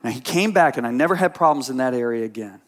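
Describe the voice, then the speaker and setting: A man preaching a sermon as pastor, telling stories in an animated way that swings between quiet asides and emphatic points. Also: medium pitch, fast talker.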